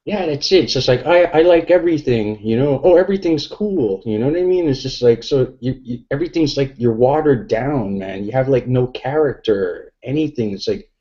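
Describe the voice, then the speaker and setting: Here a middle-aged man, tipsy from beer, is a guest on a podcast, chatting casually in a crude, rambling way with lots of fillers. His voice is mid-range and dark, a little fast with few pauses, over lo-fi sound.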